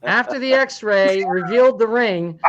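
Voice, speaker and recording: A man's voice: sits high, a little slow, fairly bright tone, highs cut off. A man hosting a comedy talk show, joking and laughing through his running commentary.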